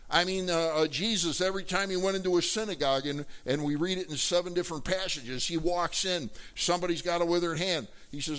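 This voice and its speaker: A man's voice: on the high side, brisk, few pauses, fairly bright tone. A man preaching a sermon, talking in a loose, conversational way with frequent fillers and rhetorical questions to the congregation. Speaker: pastor.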